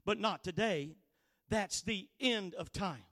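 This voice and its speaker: A man preaching a sermon, reading scripture slowly and building to impassioned, shouted emphasis. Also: high voice. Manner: reads scripture slowly and deliberately.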